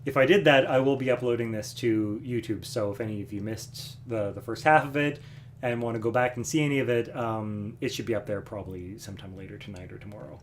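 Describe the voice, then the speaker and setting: A man hosting a music livestream from home, chatting casually between songs in a relaxed, rambling way with frequent chuckles. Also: medium pitch, brisk, slight background noise. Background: acoustic guitar.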